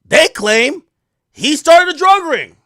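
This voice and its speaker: Animated, slangy man telling a story. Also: takes it slowly, no room sound, studio quality. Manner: animated, profane, slangy, swings from loud exclaims to low asides. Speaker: show host. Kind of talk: casual storytelling to viewers.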